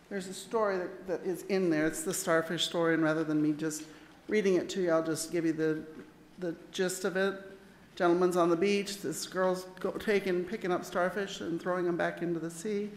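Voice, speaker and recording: A woman thanking camp volunteers at a church meeting, chatty and plainspoken. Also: lowish voice. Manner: chatty, self-deprecating, plainspoken. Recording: echoey hall with long reverb.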